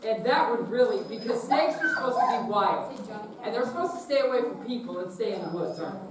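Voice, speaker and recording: A woman's voice: on the high side, expressive, a little fast. Woman leading a children's sermon. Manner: gentle, asks children questions. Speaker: children's message leader. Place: church. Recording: echoey room, far from mic, noisy.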